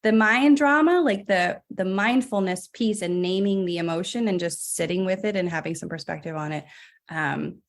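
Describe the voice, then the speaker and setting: A woman's voice: mid-range voice, normal speed. A woman physician speaking as a podcast guest, chatty and reflective, with frequent light laughs. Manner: reflective, chatty, laughs often, says like a lot. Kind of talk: casual podcast conversation.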